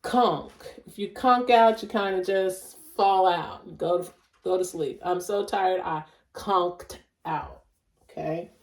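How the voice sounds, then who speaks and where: Slow, deliberate woman teaching phonics. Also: on the low side, creaky, darkish tone. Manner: slow, overemphasized sounding out of word chunks. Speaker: reading teacher. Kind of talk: phonics lesson. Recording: echoey room, voice a bit far from the mic.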